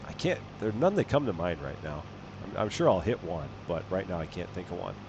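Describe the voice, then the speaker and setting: A man's voice: low voice, lively intonation, a little fast, creaky, background noise. A man with a chatty, amused manner, chatting casually with his live-stream audience and laughing often. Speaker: game streamer reading chat.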